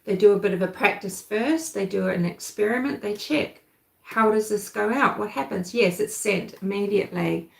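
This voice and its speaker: A woman from New Zealand with a softened New Zealand accent, hosting a casual true-crime livestream and chatting with viewers. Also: medium pitch, moderate pace, gravelly, reverberant, low-quality recording. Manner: chatty, thinks aloud, answers live chat. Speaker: livestream host.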